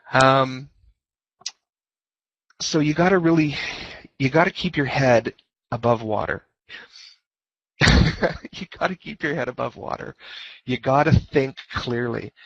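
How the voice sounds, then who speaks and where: A man's voice: mid-range voice, measured pace, pauses often, fairly bright tone, no room sound. A man giving a guest lecture on leading fleets, talking casually and joking, repeating his key points over a headset. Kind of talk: informal lecture over voice chat. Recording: dull lo-fi voice chat audio.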